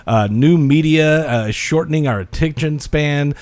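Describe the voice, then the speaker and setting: A man co-hosting a teachers' podcast, reacting with quick interjections in casual chat. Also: on the high side, darkish tone, no echo. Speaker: podcast co-host.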